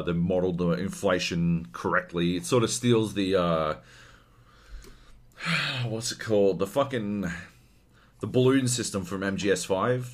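A man co-hosting a gaming podcast in casual chat, ranting animatedly with lots of swearing. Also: deep voice. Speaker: podcast co-host.

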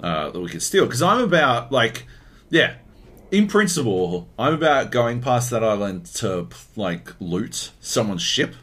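A man's voice: medium pitch, measured pace. An Australian man co-hosting a podcast, telling a gaming story in casual chat, swearing freely and acting out what other people said. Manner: animated, swears a lot, acts out other people's lines. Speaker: podcast co-host.

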